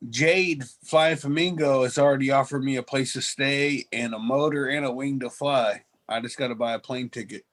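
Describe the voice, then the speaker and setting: A man's voice: mid-range voice, steady tone, moderate pace, hardly any pauses, fairly bright tone. A man co-hosting a podcast, joking and teasing in casual group chat. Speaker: podcast co-host.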